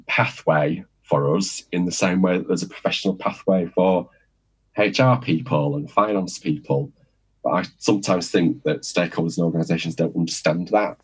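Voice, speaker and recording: A man's voice: rumbling low, husky. A man speaking as a podcast guest in a casual panel discussion, thoughtful, often repeating words as he searches for them. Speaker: podcast guest, internal communications professional.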